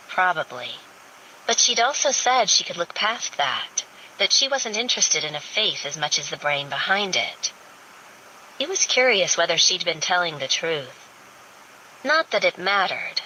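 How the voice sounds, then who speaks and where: A woman narrating a romance audiobook in a steady, even reading. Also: lowish voice, slight background noise, rough recording.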